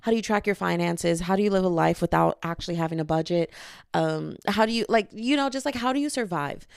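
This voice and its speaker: A woman's voice: on the low side, fast talker, gravelly, clear, resonant tone, no room sound, studio quality. A young woman in her twenties hosting a solo podcast, chatting casually in a rambling, self-deprecating, jokey way into a microphone. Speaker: podcast host.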